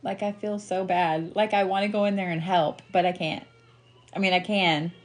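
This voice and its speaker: A woman's voice: mid-range voice, steady tone, moderate pace. A woman giving a reiki and wax reading in a casual live chat. She swears freely, laughs often and reassures the listener by calling them sweetie.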